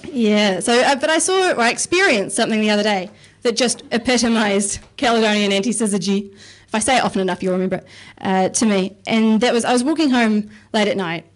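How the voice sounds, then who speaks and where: A woman's voice: mid-range voice, brisk, few pauses. A woman performing a self-mocking stand-up set on a comedy club stage, chatty and casually swearing. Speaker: stand-up comic and researcher.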